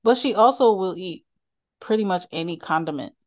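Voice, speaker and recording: Animated opinionated woman podcaster from Philadelphia. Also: lowish voice, normal speed. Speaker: podcast co-host. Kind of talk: casual chat.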